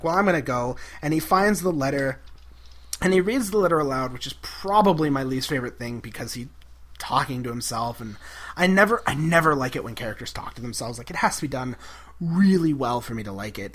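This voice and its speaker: A man's voice: medium pitch, a bit bright, husky. A man co-hosting a podcast, recapping an episode in casual chat, enthusiastic and giggly with lots of fillers. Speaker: podcast co-host.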